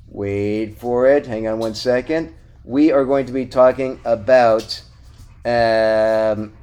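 A man's voice: mid-range voice, darkish tone. A middle-aged man co-hosting a podcast, wrapping up the episode in a casual, upbeat way and pleading with listeners to vote and leave reviews. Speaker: podcast co-host.

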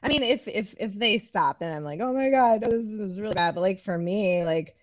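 A woman's voice: medium pitch, normal speed, highs cut off. A woman appearing as a podcast guest, talking candidly, laughing often and swearing freely. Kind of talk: casual chat.

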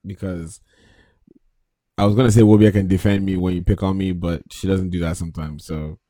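A man hosts a relaxed podcast chat, teasing his co-hosts and laughing a lot. His voice sits on the low side. It sounds close and dry, with no room echo. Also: a little fast. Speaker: podcast host. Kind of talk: casual chat.

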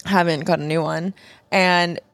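A woman's voice: lowish voice, fairly even intonation, measured pace, creaky, no room sound, studio quality. A woman in her twenties co-hosting a casual chat show, blunt and crude, laughing often. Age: 20s. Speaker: podcast co-host.

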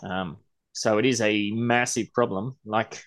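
An Australian man in his forties hosting a casual podcast chat, rambling and quick to laugh. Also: on the low side, fairly even intonation. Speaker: podcast host.

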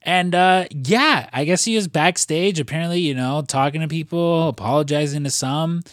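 A man's voice: fairly high pitch, moderate pace, fairly bright tone, no room sound, studio quality. A man co-hosting a casual podcast, talking in a rambling way with lots of fillers and casual swearing. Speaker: podcast co-host.

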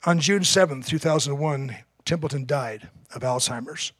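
Brief: male pastor, earnest emphatic sermon delivery, higher voice, dry close sound. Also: normal speed, a bit bright, slightly rough, no room sound.

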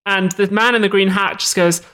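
Bright-voiced podcaster recapping a film plot. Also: medium pitch, steady tone, a little fast, clean tone. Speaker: podcast co-host. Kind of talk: casual film review chat.

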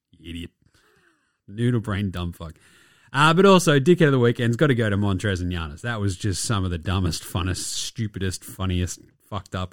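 A man's voice: lowish voice, fairly bright tone, dry recording, studio quality. An Australian man hosting a basketball podcast, riffing in a casual, sarcastic and profane way. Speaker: podcast host. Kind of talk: casual sports commentary.

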